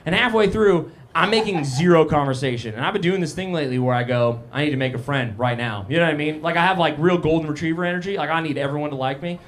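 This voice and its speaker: A young man does stand-up on a small cafe stage, his voice sitting fairly high for a man. He talks loosely and casually, riffing with the crowd and poking fun at himself into a handheld mic. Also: fast, hardly any pauses, slight background noise. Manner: casual, self-deprecating banter with the crowd. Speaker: stand-up comedian. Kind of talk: live stand-up set. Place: live comedy cafe stage.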